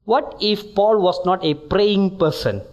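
A male preacher giving an emphatic, deliberate sermon in a church, building to exhortations. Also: sits high, darkish tone, dull audio.

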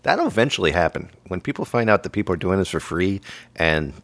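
A man's voice: low voice, big pitch swings, quick pace, fairly bright tone, no echo. A man hosting a podcast, bantering and joking with his co-host. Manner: jokey and playful.

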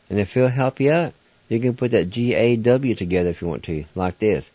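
A man's voice: lowish voice, expressive, moderate pace, mellow, husky, no room sound, muffled recording. A man hosting a radio language lesson who patiently spells out each word letter by letter and then pronounces it.

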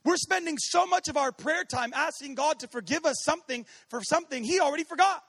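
A man preaching with a high, lively voice that climbs to shouts and drops to near whispers. He acts out quoted voices as he goes. The sound is dry and close. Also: brisk, no echo. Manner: animated, swings from shouting to hushed. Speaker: pastor. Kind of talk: sermon.

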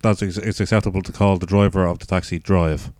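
Deep, deadpan Irish man. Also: quick pace, dry recording. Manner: deadpan, dry, repetitive. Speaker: podcast co-host. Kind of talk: casual banter.

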